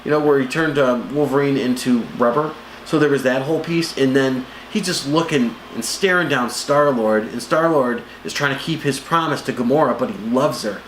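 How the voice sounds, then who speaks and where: Man, movie review co-host, casual chat, animated, echoey room, faint noise. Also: moderate pace. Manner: animated, acts out movie lines in jumping high voices.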